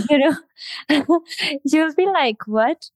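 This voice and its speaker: A woman's voice: medium pitch, lively intonation, normal speed, no echo, studio quality. A young woman from India, a singer, chatting thoughtfully and reflectively on a podcast. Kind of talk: casual chat.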